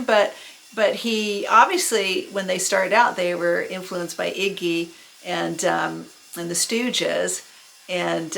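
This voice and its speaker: This is a woman in her sixties, speaking with a noticeably gravelly, creaky texture as she chats through an old memory. She meanders with ums and uhs and lets out short laughs at her own expense. A faint background hiss sits under her voice. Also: medium pitch, fairly bright tone, poor audio. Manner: rambling, many fillers, quick self-mocking laughs. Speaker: vlogger recalling the early punk scene. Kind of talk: casual spoken memoir.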